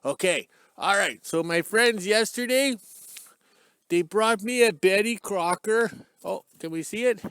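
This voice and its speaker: Animated yet unhurried, this middle-aged man from Canada has a high, fairly bright, clean voice on a dry recording. Standing outside in cold sunshine and filming himself on a stick, he hosts his channel with an improvised intro full of jokes, chatter and tangents.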